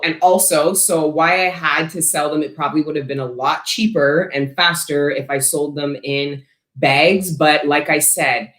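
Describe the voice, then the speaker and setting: Blunt, profane woman in a roomy space. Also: low voice. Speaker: host selling frankincense to viewers. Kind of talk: casual livestream chat answering viewer questions.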